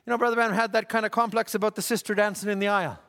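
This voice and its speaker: A man preaching a sermon at a church service, emphatic and repetitive, building to shouts. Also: high voice, fairly even intonation, very fast, creaky. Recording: church hall with long reverb.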